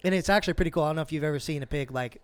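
A man co-hosting a podcast, telling a long story in casual, profane chat and acting out the quotes with lively swings. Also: fairly high pitch, very fast, clear, resonant tone, no room sound. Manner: animated, profane, acts out quotes. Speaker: podcast co-host.

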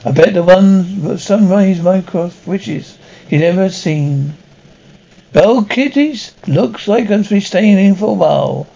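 An actor playing a cackling, macabre corpse host of a horror show, gloating and theatrical with a gravelly rasp. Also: male voice, high-pitched, slow, mellow, full character voice. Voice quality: gravelly, rasping. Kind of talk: TV horror anthology acting. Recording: dull lo-fi TV audio.

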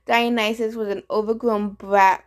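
A woman reading a chapter of a novel aloud in steady storytelling narration. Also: mid-range voice, normal speed. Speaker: reader. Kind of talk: audiobook reading.

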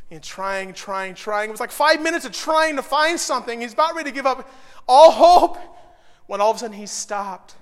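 A middle-aged pastor in a large hall shares a personal story from the pulpit in a high-pitched voice. As he preaches, his feeling grows into loud, intense peaks.

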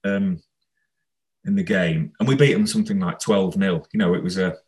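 A man, a former footballer, telling stories in a relaxed, rambling interview. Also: low voice, normal speed, poor audio. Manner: rambling, anecdotal, laughs while telling. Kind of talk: casual storytelling interview.

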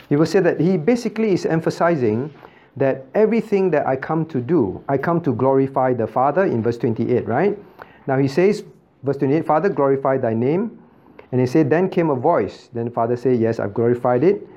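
Male pastor leading a Bible class, mellow tone, dull lo-fi recording. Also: mid-range voice. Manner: questions the class, repeats key points. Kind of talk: interactive Bible teaching.

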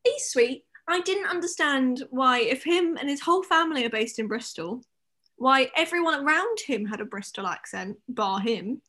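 A woman's voice: high-pitched, animated, bright, forceful tone. A young woman, co-hosting a casual podcast chat, chatty and giggly. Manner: chatty, giggly, recaps plot quickly. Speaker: podcast co-host.

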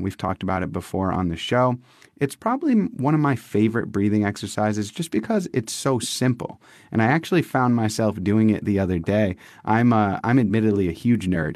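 A young man co-hosts a casual wellness podcast, his voice sitting a little low. He speaks with eager enthusiasm, often stopping and restarting mid-sentence. The recording is dry and close, with no room sound. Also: expressive, fairly quick, a little mellow, dry recording. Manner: enthusiastic, frequent restarts and fillers. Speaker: podcast co-host.

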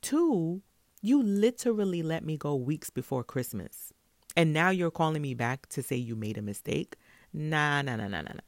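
A woman from Brooklyn, a hairstylist telling a story in a casual, animated way and laughing often. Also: low-pitched, normal speed, no room sound, studio quality. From Brooklyn, New York.

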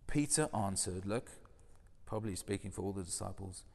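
A man delivers a sermon with a low, gravelly voice, talking through it conversationally and leaning on rhetorical questions. His words ring out in a reverberant hall. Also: animated, normal speed, a little mellow. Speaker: preacher.

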